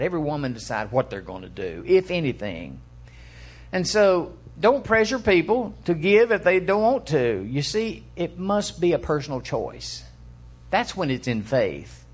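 A man's voice: medium pitch, sing-song. An older man preaching a sermon in a conversational way, asking his listeners questions and reading scripture aloud. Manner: acts out quick quoted voices for illustration.

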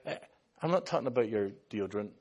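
He's an Irish pastor who talks fast in a mid-range voice, delivering a sermon with animated stories and impersonating the people in them.

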